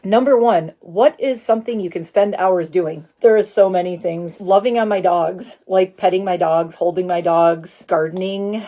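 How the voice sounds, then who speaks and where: A woman's voice: medium pitch, dark tone. A middle-aged woman vlogging from her home studio office, chatting earnestly to her phone camera and turning tender at times. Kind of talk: casual chat to camera.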